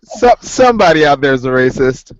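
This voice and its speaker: Man, high voice, swoops all over, laughs a lot, casual chat, dull lo-fi sound. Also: brisk, no echo. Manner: laughs often, swears, animated storytelling. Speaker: podcast host.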